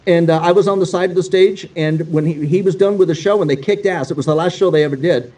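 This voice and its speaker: Give me a quick, high-voiced man spinning an animated story with swearing, his mellow tone picked up a little distant from the mic. He talks at a rapid clip. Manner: animated anecdotes with swearing and quoted dialogue. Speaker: guest musician. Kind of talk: casual storytelling.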